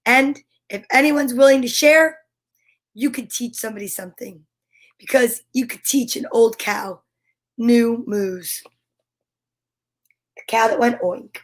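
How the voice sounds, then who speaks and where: A woman's voice: on the high side, unhurried, long pauses. A woman reading a children's picture book aloud in a playful way, with animal noises. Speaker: children's storyteller.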